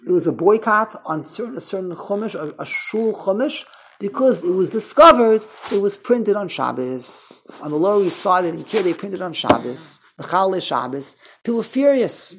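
A man with a high, expressive voice leads an informal Torah class for a small group, speaking at a normal speed over a faint hiss or hum. He's chatty and rambling, interrupting himself and restarting sentences often.

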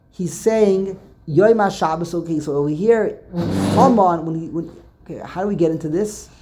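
A man's voice: high-pitched, darkish tone. A man casually teaching a class, rambling and repeating words as he tells stories. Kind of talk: casual Torah discussion.

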